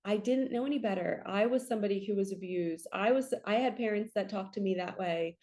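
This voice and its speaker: A woman's voice: medium pitch, fairly quick. Woman spiritual coach talking straight to camera, earnest and chatty, keeps saying right?. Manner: earnest, chatty, frequent "right?" check-ins; animated storytelling with acted quotes. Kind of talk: spiritual reading monologue.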